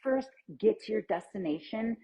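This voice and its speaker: A middle-aged woman, a plant-based nutrition coach, gives a chatty, upbeat pep talk on a live stream. Her medium-pitched voice is mellow and slightly rough, animated at normal speed, and the lo-fi stream audio sounds dull.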